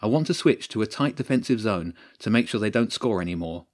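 A practical, no-nonsense girl captain rallies her team in a brisk, commanding tone, voiced by a man reading a storybook. The voice sits a little higher than his own but stays fairly low. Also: expressive, a little mellow. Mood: urgent.

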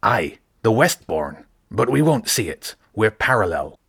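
A smooth, self-assured rat who talks his way past anyone, put on by a male narrator. He speaks in a persuasive, easy manner, a touch higher than the reader's own low voice. The sound is close and dry. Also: sing-song, a little slow, no echo, exaggerated voice. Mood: scheming. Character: smooth confident male rat mercenary leader.

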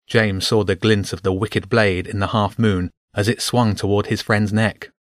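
A man narrating an audiobook in even, measured storytelling. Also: on the low side, no echo, clean studio sound.

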